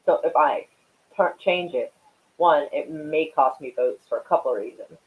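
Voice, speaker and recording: A woman's voice: low-pitched, moderate pace. A woman from Oklahoma hosting a casual livestream, chatting with viewers in a profane, rambling way and often laughing at herself. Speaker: livestream host. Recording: tinny phone-like audio.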